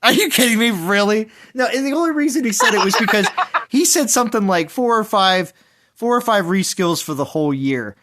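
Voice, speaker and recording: A man's voice: high-pitched, lively intonation, a little fast, a bit bright. An American man hosting a game stream, chatting casually, reading viewer comments aloud and laughing often. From United States. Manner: laughing, reads chat aloud. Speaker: streamer host.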